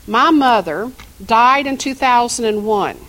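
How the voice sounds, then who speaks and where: A woman's voice: fairly high pitch, lively intonation, a little slow, fairly bright tone, low-quality recording. A middle-aged woman minister preaching a sermon, telling stories and asking the congregation questions. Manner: storytelling, asks the congregation questions.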